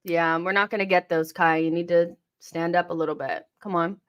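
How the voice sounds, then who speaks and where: A young woman hosting a live football watchalong, reacting to the match, swearing and shouting at the players. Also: on the low side, steady tone, normal speed.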